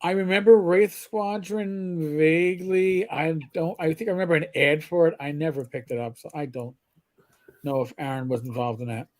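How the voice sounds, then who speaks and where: A man co-hosting a casual gaming talk stream, talking haltingly with many uhs. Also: on the high side, steady tone. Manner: hesitant, full of uhs and restarts. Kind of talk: casual chat.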